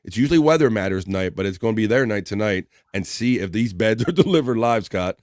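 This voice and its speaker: A man's voice: lowish voice, expressive, quick pace, a little mellow, dry recording, studio quality. A man hosting a live stream in a rambling, laid-back way, chatting casually and chuckling as he goes. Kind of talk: casual chat.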